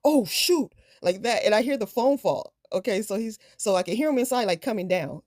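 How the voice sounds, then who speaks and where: A woman's voice: medium pitch, a little fast, no echo, studio quality. A woman vlogger casually telling a storytime, acting out the people in it. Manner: animated, acts out the people in her story.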